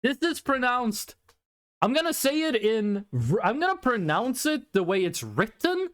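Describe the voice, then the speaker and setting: Young norwegian guy on stream, rambly jokey chat, high voice that jumps around a lot. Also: sing-song, a little slow, fairly bright tone. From Norway. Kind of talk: casual live-stream chat while gaming.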